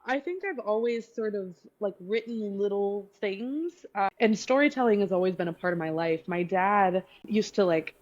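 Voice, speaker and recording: A woman author speaks as a podcast guest, hesitant and laughing often between fillers. Her pitch sits in the middle range. The recording is muffled and lo-fi. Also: expressive, normal speed, few pauses, a little mellow. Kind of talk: casual podcast interview.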